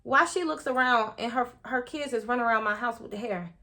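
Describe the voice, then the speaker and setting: A woman's voice: fairly high pitch, brisk, sharp tone. A young woman telling a casual storytime to her viewers, chatty and full of slang, talking straight to the audience.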